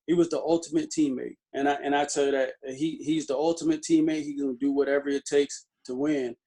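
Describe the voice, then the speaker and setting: Man telling loose stories, fairly high voice. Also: fairly even intonation, fairly quick, mellow, slightly rough. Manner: loose storytelling, many fillers and restarts. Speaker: interview guest. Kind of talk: casual interview chat.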